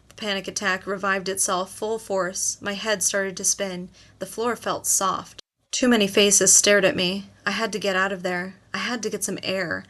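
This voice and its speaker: A woman's voice: mid-range voice, fairly even intonation, normal speed. A woman reading a novel aloud as an audiobook narrator, voicing the dialogue as she goes. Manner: reads dialogue with voiced characters, louder in tense scenes. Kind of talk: scripted narration.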